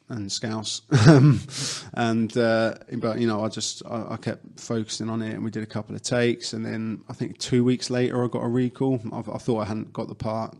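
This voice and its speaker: A young adult man speaks in a gravelly, fairly flat voice as a guest in a casual interview. He tells his stories at length, with frequent fillers and false starts. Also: medium pitch. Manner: chatty storyteller, many fillers and restarts. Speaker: actor guest.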